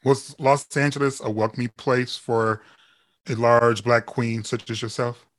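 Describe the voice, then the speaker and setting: A man's voice: mid-range voice, fairly even intonation, unhurried, no room sound. Playful interviewer man, dry sound. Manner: playful, laughs along with the guest. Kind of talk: interview questions.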